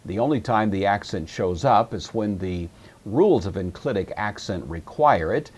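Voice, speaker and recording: Male teacher, low husky voice, patient and methodical lecture delivery. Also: animated, moderate pace, a little mellow. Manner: patient, methodical explaining with frequent uh fillers. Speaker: Greek teacher. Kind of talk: recorded lecture.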